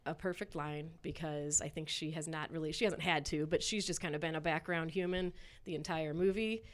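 A woman chatting casually on a podcast about a movie, animated and quoting lines. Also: deep voice, brisk. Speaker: podcast co-host. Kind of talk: casual chat.

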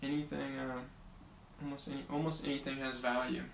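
A man co-hosting a casual podcast chat, joking, laughing and slipping into quick impressions. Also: mid-range voice, flat delivery, creaky, reverberant, distant mic, slight background noise. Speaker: podcast co-host.

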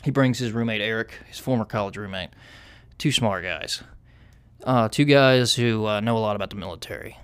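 Speaking at a normal speed, a Southern-accented podcast host chats casually and rambles, filling his talk with lots of fillers. His voice sits on the low side, fairly bright, clear and resonant.

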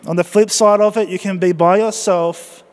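A man preaching a sermon as pastor, energetic and joking as he exhorts the congregation in church. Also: high voice, moderate pace, clear, resonant tone, in a large hall.

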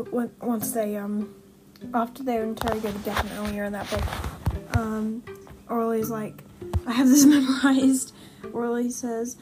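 High-voiced rambling young woman. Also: fairly even intonation, normal speed, music in the background, low-quality recording. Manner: rambling, self-correcting, giggly. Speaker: podcast host. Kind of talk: casual fan-theory talk. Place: room at home by a window.

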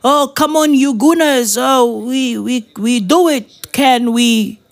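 Guy mocking a footballer talking halting broken english, stumbly. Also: extremely high pitch, vocal fry, exaggerated voice.

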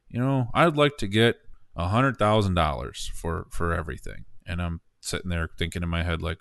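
A man casually telling the story of buying a business, animated, acting out quoted dialogue with restarts. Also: deep voice, no room sound. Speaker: small business owner telling his story.

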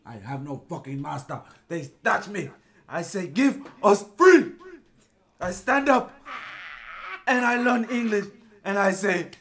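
A man doing a grim captured tribesman who talks in rough broken English with a heavy put-on accent. The voice sits low and growling, then rises into defiant shouted lines. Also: animated, measured pace, heavily acted. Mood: defiant shouting.

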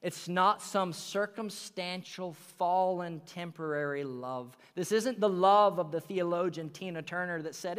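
High-voiced guy preaching a slow sunday sermon in a church, big hall echo, gets loud then drops to a whisper. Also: smooth. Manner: earnest preaching, rises and drops to near whisper. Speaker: pastor. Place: church sanctuary.

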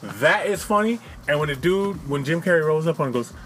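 Guy cohosting a podcast, cussing and joking, voice up high and lively, bit of hiss behind. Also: brisk. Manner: profane, joking, animated. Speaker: podcast co-host. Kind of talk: casual chat.

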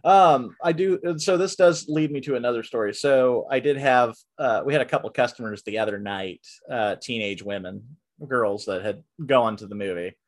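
A man hosting a casual podcast, reviewing a film with lots of fillers and restarts, and breaking into animated rants. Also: mid-range voice, normal speed. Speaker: podcast host. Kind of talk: casual movie review chat.

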